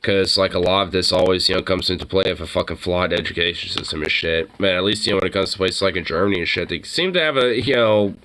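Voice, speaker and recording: A man hosting a casual reaction chat, ranting profanely and jumping into high mocking voices. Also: fast, few pauses, sharp tone.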